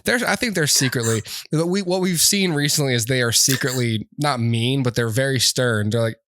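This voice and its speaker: A man's voice: medium pitch, normal speed, fairly bright tone, no room sound, clean studio sound. A man in his thirties co-hosting a podcast, joking in casual chat and laughing often. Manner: jokey, laughs often, slips into silly voices. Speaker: podcast co-host.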